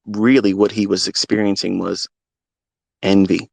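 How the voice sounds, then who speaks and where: A fifty-year-old man talks live and unscripted, his voice low and rough with gravel. He tells his story bluntly and with feeling, and the swearing comes easily. The sound is dry and close, with no room around it. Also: level tone, measured pace, no echo. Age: 50s. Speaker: trading educator on a live talk.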